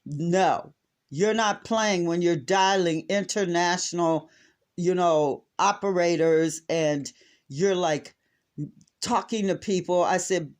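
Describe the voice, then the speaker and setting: Brief: middle-aged American man, somewhat high voice, casual exasperated storyteller who acts out quotes. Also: slow. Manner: exasperated, animated retelling with acted-out quotes.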